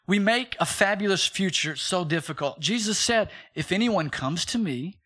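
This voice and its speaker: A man's voice: sits high, moderate pace. A male pastor in his thirties preaching a sermon, telling stories with acted-out quotes and calling on the congregation to repeat after him. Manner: animated storytelling with acted quotes, calls for congregation response.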